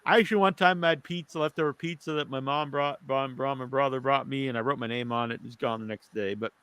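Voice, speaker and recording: A man co-hosting a podcast who tells a rambling, animated story in a casual chat. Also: mid-range voice, fast talker, clean tone, dry recording. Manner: animated, rambling, restarts often. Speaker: podcast co-host.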